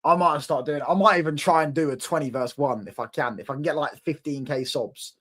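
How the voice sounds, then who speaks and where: A man's voice: a little high, a little fast, fairly bright tone. Young man, rambling stream chat. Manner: rambling, slangy, repeats himself, laughs often. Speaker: livestream host. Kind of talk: casual livestream chat reacting to viewer comments.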